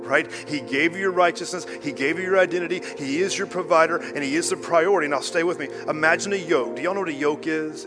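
A man, a pastor, preaching to a congregation, swinging from loud emphasis to hushed lows and talking directly to the people. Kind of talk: sermon. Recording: reverberant hall, faint music behind.

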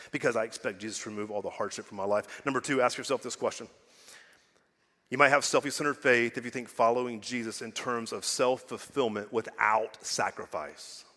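A middle-aged male pastor preaching a sermon in a conversational way, with rhetorical questions and big swings between quiet and loud. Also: on the low side, vocal fry, husky. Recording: long hall reverb.

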